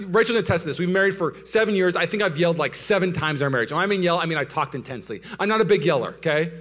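A young male pastor telling a story in a sermon, swinging from loud outbursts to hushed asides before a congregation. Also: fairly high pitch, sing-song, fast. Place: church sanctuary before a live audience.

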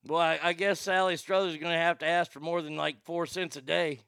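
A man's voice: on the high side, level tone, brisk, creaky, fairly bright tone, clear, resonant tone, no echo, studio quality. A man hosting a casual comedic talk show, blunt, crude and sarcastic as he riffs on the news.

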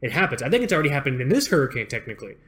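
A young man in easygoing podcast chat, talking in a middle-pitched voice. He gets animated, swears freely and trips over restarts as he rambles along. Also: rapid-fire. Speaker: podcast co-host. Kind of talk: casual chat.

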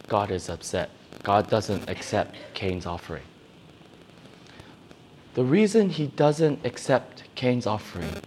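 A young man preaching a sermon to youth, animated, acting out the voices in his stories. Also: fairly low pitch, a little hiss or hum. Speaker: youth pastor.

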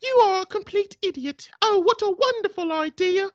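A woman's voice: extremely high pitch, normal speed, dry recording, pitched above the performer's own voice. A woman doing a gushing posh lady. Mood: adoring. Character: posh, breathless, adoring British woman. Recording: slightly muffled, dry.

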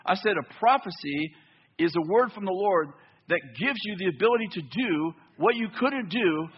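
A man preaching a sermon in a church, telling a story with lively back-and-forth dialogue. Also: high-pitched, moderate pace, husky, lo-fi sound. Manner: animated storytelling, acts out both sides of dialogue. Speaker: pastor.

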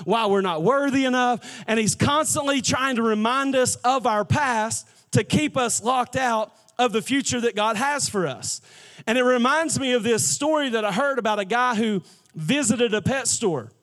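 High-voiced preacher man. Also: fairly bright tone. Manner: conversational, emphatic, asks the congregation questions. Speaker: pastor. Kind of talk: sermon.

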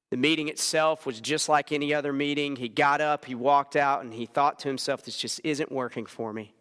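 A male pastor preaching a sermon, telling a story quickly and then slowing down to press his points home. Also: on the high side, a bit bright, clear, resonant tone, long reverb tail. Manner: storytelling, shifts between quick narration and slow emphatic preaching.

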